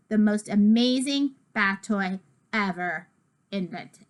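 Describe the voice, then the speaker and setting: Animated woman reading a storybook aloud. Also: a little high, a little slow. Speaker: storyteller reading a children's book. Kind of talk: storybook read-aloud, first-person child narrator.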